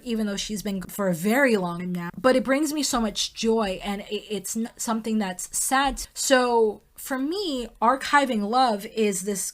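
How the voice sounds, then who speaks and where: Solo podcast host, woman, 30s, slightly high voice; candid, rambling, heartfelt, casual swearing. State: close to tears. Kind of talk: emotional personal monologue.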